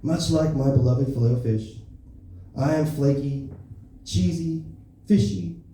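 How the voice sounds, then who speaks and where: A man's voice: fairly high pitch, a little slow, mellow, slight background noise. A man doing a stand-up impression of a boastful, crude older male politician, brash and rambling, at an open mic. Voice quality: brash, rambling, self-important. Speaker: stand-up comedian. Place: comedy club open mic. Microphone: stage microphone. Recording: echoey room from far off.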